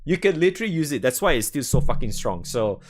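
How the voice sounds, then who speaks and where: A young man streaming games and chatting off the cuff, his pitch bouncing up and down with a lively swing. He rambles, swears freely and breaks into laughter often, with a casual, unscripted delivery. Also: fast talker. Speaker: game streamer. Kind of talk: casual gaming stream chat.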